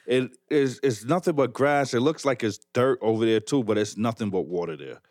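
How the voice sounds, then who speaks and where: Male podcast co-host, joking and playfully suspicious, trails off into low mumbles; dry close mic. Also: moderate pace, darkish tone, no room sound. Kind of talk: casual chat.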